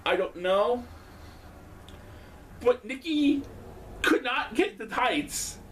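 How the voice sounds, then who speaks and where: A man doing a rambling casual vlog at home, excitable and profane, laughing often. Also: very high voice, slow, recorded from a distance, slight background noise. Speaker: vlogger.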